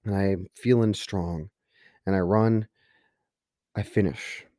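A man's voice: deep voice, steady tone, slow pace, warm tone, dry recording, clean studio sound. A man hosting a podcast, telling a personal story in an earnest way that builds to emphatic motivational points. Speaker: podcast host.

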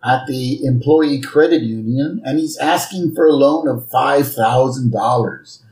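A man's voice: medium pitch, a little slow, darkish tone. Man recapping a cartoon episode. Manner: retells scenes, quoting characters in brief put-on voices. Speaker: podcast co-host. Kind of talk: casual episode recap chat. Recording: roomy, distant mic.

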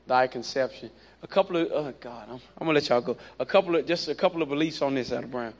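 A man preaching a sermon, animated and repetitive, with playful asides. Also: a little high, fast talker, few pauses. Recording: dull lo-fi recording.

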